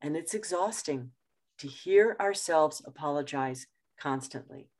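A woman, presenting an online workshop in a measured, emphatic way and laughing easily. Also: deep voice, animated, darkish tone. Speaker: communication trainer. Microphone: video call.

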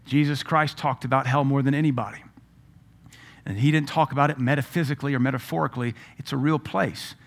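A man's voice: medium pitch, fairly even intonation, fairly quick, gravelly. A middle-aged male preacher telling a story in a sermon, acting out the voices of the people he quotes.

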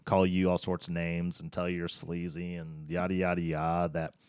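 A man with a very deep voice, recorded close and dry. He hosts a relaxed chat and asks reflective questions. He thinks out loud as he talks. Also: moderate pace, smooth, no echo. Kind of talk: casual podcast conversation.

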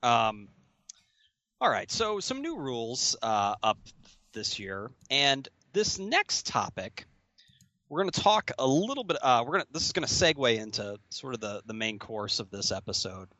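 A man's voice: mid-range voice, very animated, normal speed, sharp tone, no echo, lo-fi sound. A man hosting a casual sports podcast, chatty and prone to restarts. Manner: chatty, laughing, many restarts. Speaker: podcast host.

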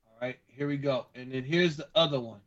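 A man's voice: medium pitch, fairly quick, fairly bright tone. A man, a charity founder guest, chatting casually over a video call in a playful, teasing way. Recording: dull lo-fi call audio.

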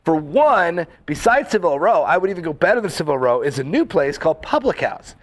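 A man in casual chat, telling rambling, animated stories full of fillers and acting out quoted lines. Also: fairly high pitch, brisk. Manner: acts out quoted lines in the story.

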